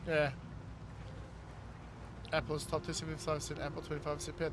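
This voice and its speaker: A man's voice: a little high, fairly even intonation, fairly quick, long pauses, fairly bright tone, a little hiss or hum. A man streaming a game, casually reading chat aloud and riffing on it with frequent laughs. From New Zealand. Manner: reads chat aloud and riffs on it, laughing often. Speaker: gaming streamer.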